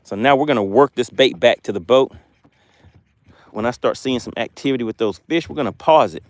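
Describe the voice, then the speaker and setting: A man's voice: mid-range voice, brisk, dry recording. A man on a lake boat hosting a casual fishing livestream, chatting and reading viewer comments aloud. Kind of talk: casual live-stream commentary.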